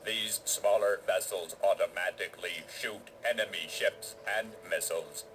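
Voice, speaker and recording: A collective of crystal and machine aliens from a game, speaking in a low, stiff and formal way. Each sentence comes out measured and even. A faint hum sits under the voice. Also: male voice, rough recording.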